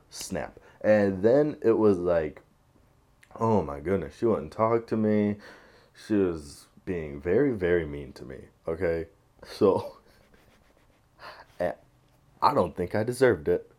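A man hosting a casual solo podcast, rambling and swearing, low on energy without his coffee. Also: expressive, takes it slowly, pauses often, a little mellow. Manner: swearing, rambling, loose and tired. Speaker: podcast host.

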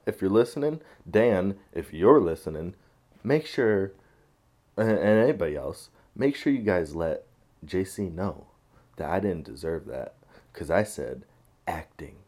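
Male podcast host, deep voice, unhurried and rambling, swears a lot, sounds tired. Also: lively intonation, dark tone. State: low energy, uncaffeinated. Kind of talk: casual solo podcast rant.

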